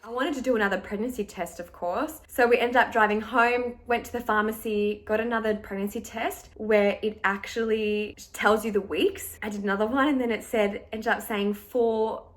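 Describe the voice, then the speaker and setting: Chatty young woman vlogger, slightly high. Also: steady tone, normal speed, few pauses. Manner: chatty, emotional, lots of "like". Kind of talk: casual storytelling to camera.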